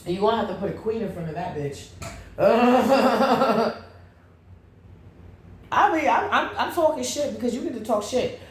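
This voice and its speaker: A woman's voice: on the high side, animated, fast. Profane echoey woman reading tarot. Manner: blunt, profane, sing-song asides. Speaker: tarot reader. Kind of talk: casual tarot reading monologue. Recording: echoey room with faint noise.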